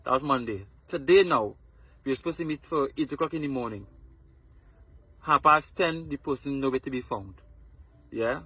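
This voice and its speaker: A man's voice: medium pitch, normal speed, long pauses, sharp tone, breathy edge, no echo, lo-fi sound. A Trinidadian man telling what happened to him in a casual video, stumbling and repeating words. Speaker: TikTok influencer.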